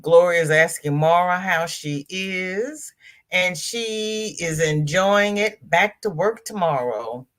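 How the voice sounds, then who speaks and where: A woman's voice: lowish voice, lively intonation, slow pace, fairly bright tone. A woman hosting a casual crochet livestream from her laptop. She greets viewers by name, reads their comments aloud and calls them girl, honey and darling.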